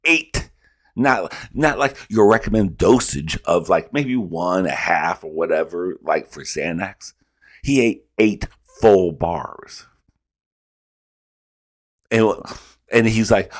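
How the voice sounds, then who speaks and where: A man with a very low voice hosts a reaction video. He tells stories in casual, animated commentary full of swearing. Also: takes it slowly. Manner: profane, animated storytelling.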